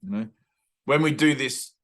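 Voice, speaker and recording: A man's voice: medium pitch, moderate pace, creaky, fairly bright tone. A man, a spiritual teacher giving a satsang talk over a video call, telling rambling stories and slipping into playful voices. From Australia.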